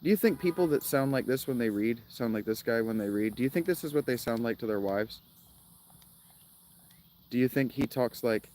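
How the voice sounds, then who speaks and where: A man's voice: mid-range voice, lively intonation, a little fast, a little mellow. A man streaming a game, rambling casually with jokes and sarcastic asides. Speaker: gaming streamer. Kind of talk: casual gameplay commentary.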